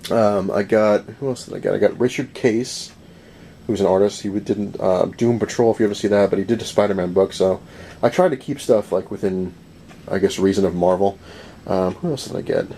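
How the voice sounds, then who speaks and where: A man casually telling a long story about a comic convention, animated and rambling, often acting out what people said to him, with laughs along the way. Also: lowish voice, a little fast, a little hiss or hum. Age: adult, married. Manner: rambling, animated retelling with many "he's like" quotes and laughs. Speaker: comic collector vlogger. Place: home room full of comic collectibles.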